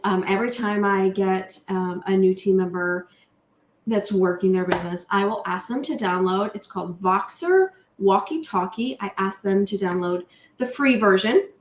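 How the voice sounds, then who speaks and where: Casting: higher-voiced woman, chatty talk to camera, echoey room. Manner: chatty, warm-hearted, frequent fillers. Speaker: team leader giving a talk. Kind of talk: casual unscripted talk to camera.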